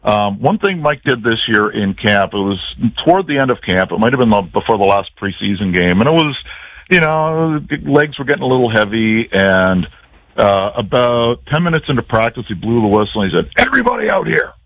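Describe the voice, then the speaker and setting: A man's voice: on the low side, animated, brisk, a bit bright, lo-fi sound. A man, a football play-by-play announcer chatting as a radio guest and telling stories in a self-deprecating way. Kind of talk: casual radio chat.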